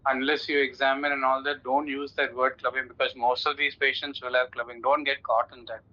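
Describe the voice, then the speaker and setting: A man's voice: medium pitch, flat delivery, brisk, bright, forceful tone. A man teaching a clinical case, instructive and repeating his points firmly. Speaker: oncology teacher. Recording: dull lo-fi sound.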